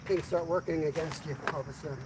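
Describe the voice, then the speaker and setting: A man's voice: fairly high pitch, steady tone, quick pace, very noisy. A man in his fifties chatting casually on a fishing live stream outdoors by the water, rambling and poking fun at himself. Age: 50s. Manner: rambling, chatty, self-mocking. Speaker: fishing livestream host. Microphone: camera on a tripod.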